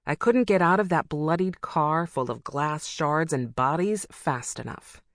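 A woman reading a first-person novel aloud as an audiobook narrator, with wry, brisk storytelling. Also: deep voice, no echo, clean studio sound.

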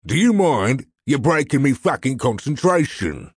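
A man's voice: medium pitch, sing-song, measured pace, breathy edge, no echo, studio quality, voice pushed up. A man voicing a short-tempered mechanic crook in an audiobook, snappish and swearing. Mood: irritated. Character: gruff irritable male mechanic crook. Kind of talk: audiobook character voice.

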